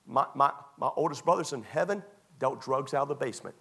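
Male pastor preaching, emphatic, repeats phrases, drops quiet for effect, middle-pitched voice. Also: animated, fast talker, vocal fry, slightly rough. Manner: emphatic, repetitive, often dropping to a quiet tone. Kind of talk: preaching a sermon.

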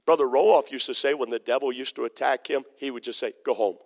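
A man's voice: mid-range voice, fairly even intonation, fast. A man preaching with emphatic, repetitive phrasing and a mid-range voice. He keeps stopping to check in with the congregation, pressing his points home. His voice rings out with a long reverb tail, as in a large church sanctuary. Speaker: pastor. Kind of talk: sermon.

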